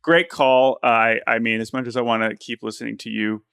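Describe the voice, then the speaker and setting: A man co-hosting a sports podcast in casual chat, animated and laughing often, restarting his words as he thinks. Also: medium pitch, fairly quick, vocal fry, smooth, no room sound, studio quality. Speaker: podcast co-host.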